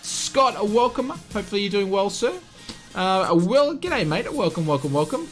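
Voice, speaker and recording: An Australian man with a high, very animated voice hosts a live stream, chatting warmly with viewers and filling gaps with ums. Faint music plays behind him. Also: normal speed. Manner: chatty, friendly, many fillers. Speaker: flight sim streamer.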